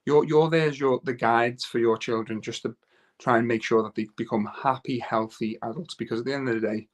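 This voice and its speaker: A man's voice: mid-range voice, steady tone, fairly quick. A man speaking as a guest father on a talk show, earnest and rambling, with many restarts and self-corrections. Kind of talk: casual talk-show chat.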